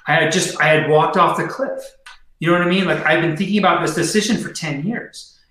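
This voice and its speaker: Middle-aged male guest, bright, slightly high voice, laid-back slangy storyteller, echoey room. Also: brisk. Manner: slangy, heavy on fillers and "dude". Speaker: podcast guest. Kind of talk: casual storytelling.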